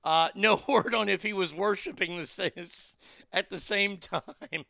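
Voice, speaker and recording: A man's voice: high-pitched, a little slow, creaky, sharp tone, dry recording, studio quality. Ranting, swearing male talk-radio host. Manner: ranting, blunt, swearing, self-mocking. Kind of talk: profane casual monologue.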